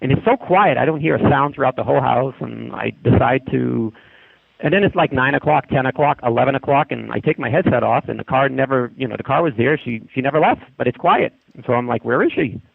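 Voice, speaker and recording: A man with a gravelly, husky voice tells a long story in a casual, rambling way, often restarting mid-sentence. His voice comes through a narrow, tinny phone line. The sound is dry, with no room around it. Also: mid-range voice, brisk, no room sound. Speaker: guest telling a haunting story.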